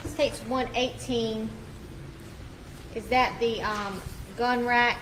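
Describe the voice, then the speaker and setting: A woman prosecutor questions a witness in court, slowly and haltingly, with frequent ums. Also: fairly high pitch, fairly even intonation. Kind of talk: courtroom direct examination. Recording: echoey courtroom with noise.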